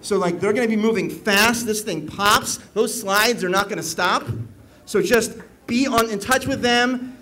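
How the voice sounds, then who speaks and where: A man working as an event emcee, energetically leading a live audience in call-and-response chants and shouting to pump them up. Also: high voice, measured pace, low-quality recording. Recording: live event with loud crowd and background noise. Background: crowd noise.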